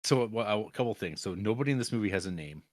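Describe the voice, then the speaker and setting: Guy co-hosting a movie podcast, lowish voice, stumbles and restarts a lot, dry mic. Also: animated, no room sound. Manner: halting, restarts, trivia asides. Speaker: podcast co-host. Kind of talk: casual film chat.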